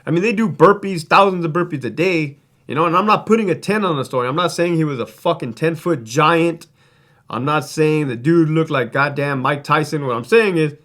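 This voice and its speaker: A man with a somewhat high voice tells a story from his time as a prison guard. He talks casually and bluntly, swears often and leans on fillers like "like" and "right?". When he quotes others, his voice drops lower and quieter. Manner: blunt, profane, conversational with many fillers. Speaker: former prison guard telling stories.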